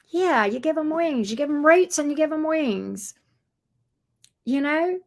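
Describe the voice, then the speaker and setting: A woman's voice: high voice, expressive, measured pace. A woman, hosting a casual tarot livestream, talking bluntly and reading viewer comments aloud. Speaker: tarot reader livestream host.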